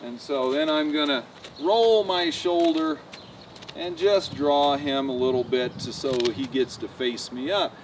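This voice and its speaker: A man working as a horse trainer, explaining in a relaxed, folksy way with many fillers, outdoors at a ranch pen. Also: mid-range voice, measured pace. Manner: folksy, relaxed, lots of "you know" fillers. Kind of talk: casual explanation on a walk-around. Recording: distant outdoor mic, faint background noise.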